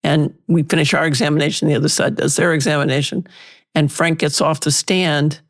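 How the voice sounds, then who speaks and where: An older woman, a litigation lawyer and interview guest, telling lively anecdotes and acting out past exchanges. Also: low voice, brisk. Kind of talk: storytelling in an interview.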